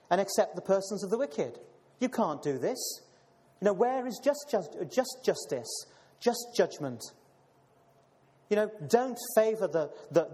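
His voice high-pitched and darkish, a man preaches and reads scripture to those he calls brothers and sisters, repeating words and using many fillers. A long hall reverb hangs over the recording.

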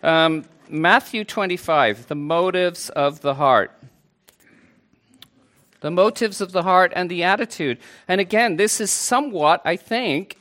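A man preaching a sermon to a congregation, earnest and unhurried, with playful asides. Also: sits high, sharp tone.

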